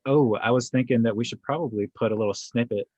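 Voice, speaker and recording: A man co-hosting a podcast, chatting casually about a book in a relaxed manner, often chuckling and asking questions. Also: mid-range voice, quick pace, no room sound. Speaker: podcast co-host. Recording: dull dry lo-fi sound.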